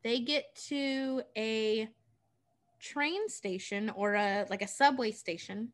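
A woman's voice: on the high side, takes it slowly. A woman casually retelling a story, chatty and profane, with lots of "like.". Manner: chatty, profane, filler-heavy.

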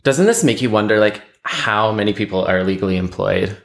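A man with a low, gravelly voice, chatting casually and throwing in dry teasing remarks. He talks like a co-host keeping the banter going. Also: expressive, fairly quick. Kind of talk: casual chat.

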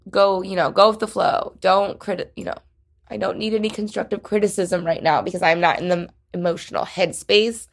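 A young woman hosting her podcast alone, rambling and halting with many fillers, emotional and close to tears. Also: on the low side. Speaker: podcast host. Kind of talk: casual solo podcast chat.

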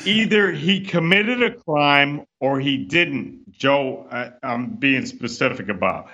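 Agitated male guest on talk radio, bright tense tone over a muffled remote line. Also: medium pitch, slow. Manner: exasperated, repeats himself, rants.

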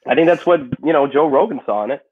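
A man with a Chicago accent, a comedian changing cities, talks quickly and expressively in a casual podcast conversation, rambling with lots of "you know" and profanity. His voice is on the high side and slightly rough, and the recording has a thin, phone-like tone.

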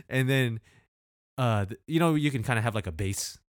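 Male podcast co-host, lively pitch, slangy storyteller, dry sound. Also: unhurried, dry recording. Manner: animated storyteller, laughs often, slangy. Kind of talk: casual chat.

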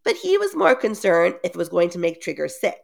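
A woman's voice: on the low side, very animated, fairly quick, creaky. A woman hosting a podcast, retelling a story in a casual, chatty way with joking asides. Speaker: podcast host retelling a book.

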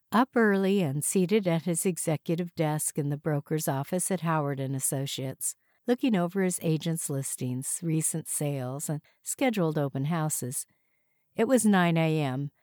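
A woman reading a novel aloud as audiobook narrator in an even, measured way. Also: sits low, no echo, studio quality.

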